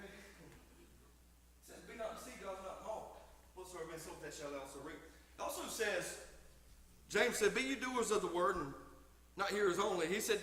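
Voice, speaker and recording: Heard from a distance in a reverberant sanctuary, this middle-aged pastor preaches with folksy emphasis while his loudness rises and drops. He speaks in a high, fairly bright voice over a slight background hiss or hum.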